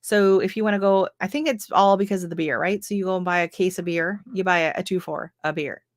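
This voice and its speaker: Middle-aged Canadian woman hosting a live gardening stream; a bit low-pitched, chatty and rambling, laughs easily; dry, close recording. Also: fairly even intonation, quick pace, dry recording. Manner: chatty, rambling, laughs often, filler-heavy. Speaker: gardening livestream host. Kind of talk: casual live-stream chat reading viewer comments.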